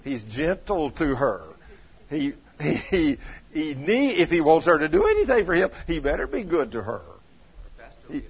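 Husky folksy preacher man. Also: on the high side, slow, long pauses, dull audio. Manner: animated, acts out quoted voices, shouts in anecdotes. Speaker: pastor. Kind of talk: folksy sermon with storytelling.

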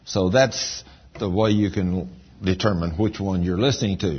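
Folksy preacher man, husky and low. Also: moderate pace. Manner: folksy storytelling, rises in emphasis. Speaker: pastor. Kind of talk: sermon. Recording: dull lo-fi recording.

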